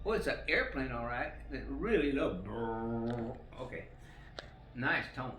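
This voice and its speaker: A man's voice: mid-range voice, animated, moderate pace, bright, forceful tone, slight background noise. An older man rambling through a personal story at home, full of fillers and swearing. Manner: rambling, profane, with many fillers. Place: a room at home. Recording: roomy echo, faint ambience.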